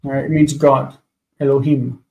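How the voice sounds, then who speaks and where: A man's voice: medium pitch, level tone, a little slow, vocal fry, mellow, lo-fi sound. A man teaching a live class, patiently sounding out words syllable by syllable. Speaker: Hebrew teacher.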